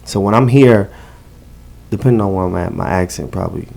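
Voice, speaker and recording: A man's voice: on the low side, brisk, gravelly, darkish tone. A man with a New Jersey accent talking casually in a podcast interview, emphatic and slangy, repeating phrases. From Newark, New Jersey. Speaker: event host and guest.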